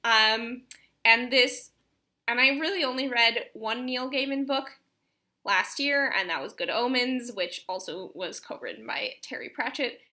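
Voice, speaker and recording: Bright-voiced chatty young woman. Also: on the high side. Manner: chatty, rambling, with many fillers and restarts. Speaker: book vlogger. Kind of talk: casual chat.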